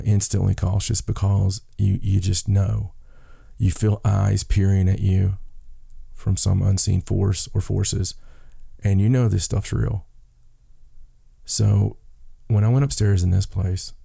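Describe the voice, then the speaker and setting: A man's voice: lowish voice, creaky, dark tone, husky, dry recording, studio quality. A man co-hosting a podcast, telling stories in a rambling casual way, repeating and restarting words. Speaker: podcast co-host. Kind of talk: casual chat, storytelling.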